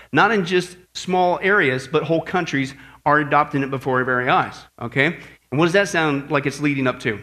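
Lively pastor, high bright voice, preaching with jokes. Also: male voice. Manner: joking, energetic, talks to the congregation. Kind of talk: sermon.

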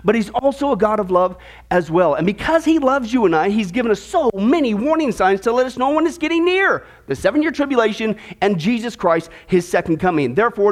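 A jovial preacher, a man with a very high voice, moves from a long joke into his sermon. He talks animatedly, restarting often with little fillers. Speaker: pastor.

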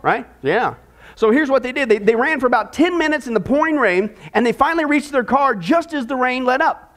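High-voiced joking pastor. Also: male voice, brisk. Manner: joking, chatty, lively. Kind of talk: sermon.

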